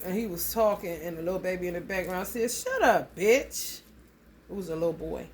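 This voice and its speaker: This astrology vlogger talks fast in a lowish, somewhat dark voice, with slight background noise behind her. She delivers a casual reading to her audience, rambling freely and swearing heavily with no softening.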